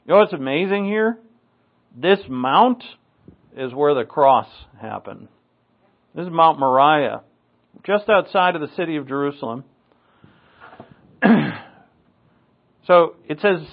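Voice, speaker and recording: A man's voice: fairly high pitch, very animated, slow, long pauses. Wry man preaching over a tinny line. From New England. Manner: conversational and wry, with asides and dry jokes. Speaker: pastor. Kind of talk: Bible teaching sermon. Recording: tinny phone-like recording.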